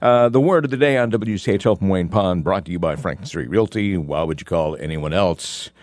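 A man's voice: low-pitched, brisk, darkish tone, no echo. A man hosting a morning radio show, chatting and laughing easily between announcements. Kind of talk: live radio banter and announcements.

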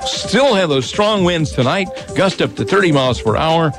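A man's voice: on the high side, lively intonation, over music. A man hosting a morning radio show, reading the weather and bantering easily with a guest. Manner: easygoing, quick agreeing banter.

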